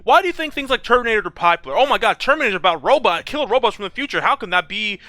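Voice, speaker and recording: A man's voice: high-pitched, lively intonation, rapid-fire, pushed and bright, no room sound. A young man ranting about a game in a casual vlog, swearing often and restarting his sentences. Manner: profane, heated ranting with frequent restarts. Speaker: gaming video creator.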